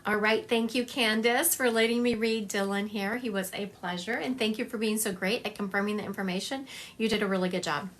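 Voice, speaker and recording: A woman's voice: mid-range voice, fairly even intonation, brisk, fairly bright tone. A woman giving a psychic medium reading on a live stream, talking in a chatty, confiding way and thinking aloud as she goes.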